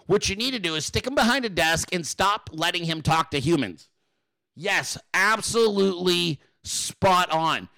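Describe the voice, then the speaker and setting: A man hosting a podcast who rants about politics, cursing freely and sneering at his target. His voice sits high and bright, and it swings up and down a great deal as he mocks. He lays the sarcasm on heavily. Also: animated, a little fast, few pauses. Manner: profane, mocking and sarcastic. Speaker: podcast host. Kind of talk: ranting political commentary.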